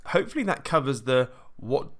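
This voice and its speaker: His voice is medium-pitched and a bit bright, swinging widely in pitch at a brisk pace. This British host rambles chattily through a live crypto trading screen-share tutorial, frequently clearing his throat and fixing his own sentences.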